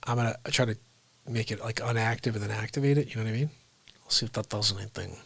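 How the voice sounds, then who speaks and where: A man's voice: lowish voice, quick pace, vocal fry, husky, no room sound. A man hosting an unscripted livestream, rambling and joking and then griping when his tech won't work. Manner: rambling, jokey, frustrated with tech. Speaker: livestream host.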